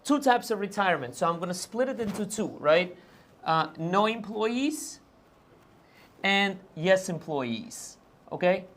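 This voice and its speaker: A man's voice: high-pitched, animated, unhurried, fairly bright tone. A man hosting a live question-and-answer stream as a tax advisor, talking casually and often checking in with "right?" and "okay?" while hedging on fine details. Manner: hedges on details. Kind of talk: live Q&A explainer.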